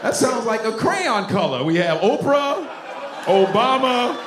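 A man's voice: extremely high pitch, big pitch swings, a little slow, very noisy. A man from Nigeria doing a loose, profane stand-up routine on a comedy club stage, laughing through his stories. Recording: echoey club, loud audience laughter.

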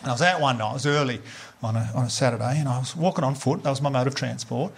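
A man's voice: medium pitch, rapid-fire, creaky, slight background noise. An Australian man doing a live stand-up set, chatty and laughing as he teases the crowd. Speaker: stand-up comedian.

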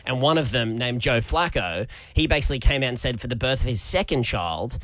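A male radio host talking into a close studio mic with a dry, roomless sound. He is conversational and unhurried, steering the chat by retelling stories. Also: medium pitch, lively intonation, fairly bright tone, dry recording. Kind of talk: casual studio banter.

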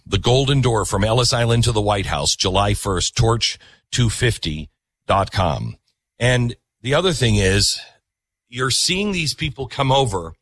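Animated talk show host. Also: male voice, mid-range voice, no echo. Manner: animated, emphatic, repeats himself. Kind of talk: opinionated monologue.

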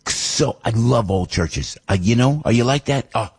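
A man's voice: mid-range voice, lively intonation, moderate pace, slightly rough. A man hosting a talk show, rambling in a chatty, casual way with lots of fillers and asides. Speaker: radio talk host. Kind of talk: casual monologue.

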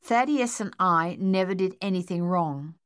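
Woman voicing a defiant teenage boy in a storybook, low pitch, sulky. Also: a little slow, clean tone, no room sound, studio quality, natural voice. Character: sullen defiant teenage boy locked in room.

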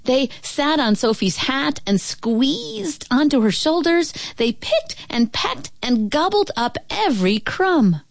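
Storybook reader, woman, slow and sing-song with wide pitch, dry close mic. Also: sing-song, vocal fry, no echo. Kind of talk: reading a picture book aloud.

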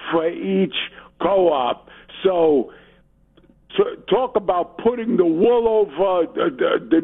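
Indignant New man on a phone line. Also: high-pitched. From New York. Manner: indignant ranting. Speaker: radio caller. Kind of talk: call-in talk radio.

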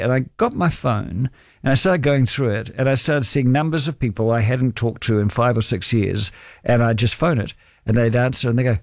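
A man's voice: mid-range voice, brisk, darkish tone, dry recording, studio quality. A man, hosting late-night talkback radio in a chatty, encouraging way, telling stories. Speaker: fill-in talkback radio host.

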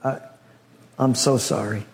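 A man voicing a grieving male messenger who delivers terrible news in a hesitant, stammering, low voice. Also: steady tone, fairly quick, gravelly, dark tone, lightly acted. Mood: somber.

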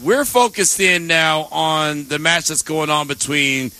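Bright-voiced playful sports radio host man. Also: fairly high pitch. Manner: animated, playful, quick banter. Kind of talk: casual sports radio chat. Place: radio studio.

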